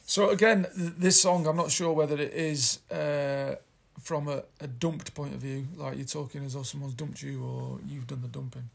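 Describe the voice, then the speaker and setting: Man, gravelly voice, husky tone, casual rambling chat, halting delivery. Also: mid-range voice, little pitch movement. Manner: rambling, hesitant, reads out lyrics. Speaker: podcast host reviewing an album.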